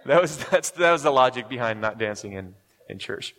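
In a large hall, a pastor delivers a sermon conversationally, chuckling often and repeatedly asking "right?" to check in with his listeners. His medium-pitched voice is animated, fairly quick, and fairly bright in tone.

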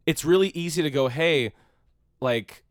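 A man from California co-hosting a casual movie podcast, rambling and swearing, loudly acting out the people he quotes. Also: a little high, a little slow, no echo, clean studio sound. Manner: profane, rambling, shouts when quoting people. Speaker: podcast co-host.

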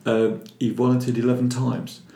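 A man's voice: mid-range voice, normal speed, gravelly, slight background noise. An older man from London with a Cockney accent, a filmmaker telling stories as an interview guest. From London, England. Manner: animated storyteller, repeats words when starting. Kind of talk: casual interview chat. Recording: roomy echo.

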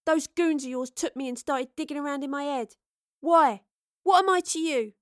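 A woman voicing a distraught young woman in a storybook, crying out in high, loud, pleading demands. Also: moderate pace, no echo, clean studio sound, close to an everyday voice. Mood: desperate.

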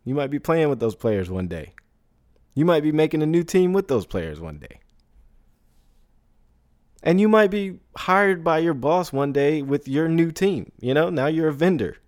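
A man's voice: fairly high pitch, very animated, normal speed, no echo, studio quality. A man hosting a podcast who talks casually, often asking "right?" and laughing as he goes. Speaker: podcast host. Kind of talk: casual solo podcast talk.

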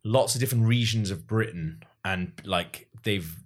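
Welsh male podcast co-host, lowish register, loose and rambling delivery. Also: moderate pace. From Wales. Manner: chatty, rambling with fillers and asides. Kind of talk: casual chat.

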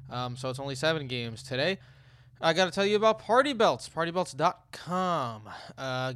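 A man's voice: on the high side, a bit bright, dry recording. A man hosting a fantasy sports podcast, chatting casually and joking between ad reads. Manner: playful, jokey, quick asides. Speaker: podcast host.

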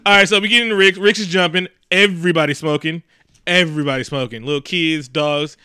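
A man recapping a film for laughs in loose, profane storytelling, his voice a bit high and very bright. He sounds smooth and clean, recorded dry and close. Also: steady tone, fairly quick, dry recording. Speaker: podcast co-host. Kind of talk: comedic movie recap.

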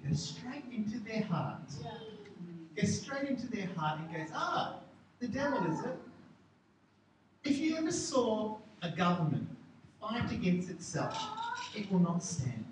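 Brief: a male pastor giving a lively, self-mocking sermon, mic at a distance in a very echoey, noisy hall. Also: high voice, a little slow. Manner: animated storytelling, self-mocking humor. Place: large church hall.

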